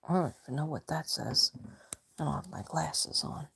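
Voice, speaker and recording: A woman chatting casually on a live stream from home, rambling and soft-spoken, often dropping to a whisper. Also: low-pitched, normal speed, creaky, breathy edge.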